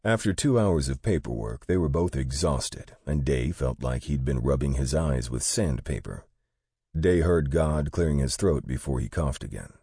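A man narrating an audiobook in a steady, matter-of-fact way. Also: very deep voice, moderate pace, slightly rough, dry recording, clean studio sound.

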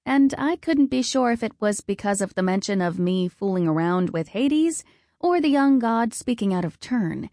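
A woman narrating a first-person fantasy story in a calm, even storytelling manner. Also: medium pitch, moderate pace, no room sound, studio quality. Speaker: audiobook narrator.

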